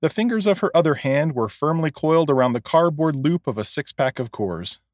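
Expressive male audiobook narrator. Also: on the high side, brisk, no room sound, clean studio sound.

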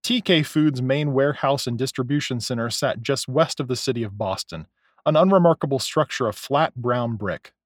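A man narrating a novel as an audiobook, in a measured, expressive storytelling way. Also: mid-range voice, dry recording, clean studio sound. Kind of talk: scripted narration.

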